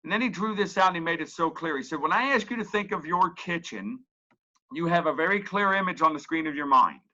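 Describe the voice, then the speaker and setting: Emphatic folksy man, bright voice. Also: a little high, expressive, a little fast, lo-fi sound. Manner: folksy, emphatic, repeats points. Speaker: real estate coach. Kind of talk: webinar presentation.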